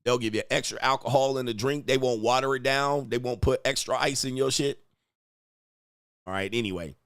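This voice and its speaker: A man's voice: mid-range voice, a little fast, a bit bright, clear, resonant tone, dry recording. A man riffs on video clips in crude, joking, rambling commentary. His voice sits mid-range, recorded dry and close with no room sound. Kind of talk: reaction commentary.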